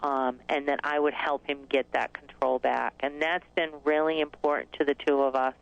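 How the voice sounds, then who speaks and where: A woman's voice: low voice, level tone, normal speed, creaky, lo-fi sound. A woman being interviewed about her life as a mother. She talks candidly, reflecting on her experience in plain, everyday speech. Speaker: interview guest, mother of an autistic child. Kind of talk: conversational interview.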